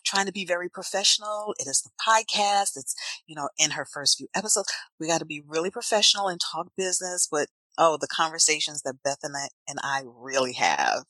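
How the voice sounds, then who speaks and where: A woman with a New Jersey accent talks as a podcast guest, chatty and playful. Her voice is bright and forceful and sits a little low. The recording is dry and close. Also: animated, fairly quick, no echo, low-quality recording. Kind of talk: casual podcast chat.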